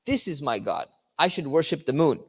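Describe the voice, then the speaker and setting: A man's voice: fairly high pitch, lively intonation, moderate pace, slightly rough. A man voicing an ancient prophet who sarcastically pretends to embrace star worship before turning away from it, heard with long hall reverb. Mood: mock excitement. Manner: sarcastic, feigned enthusiasm then feigned disappointment.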